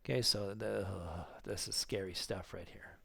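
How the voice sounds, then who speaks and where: A man teaching 3D modelling in a screen-recorded tutorial, thinking aloud, counting clicks under his breath and getting excited at the results. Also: low voice, moderate pace, creaky, slightly rough, dry recording. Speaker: 3D modelling instructor.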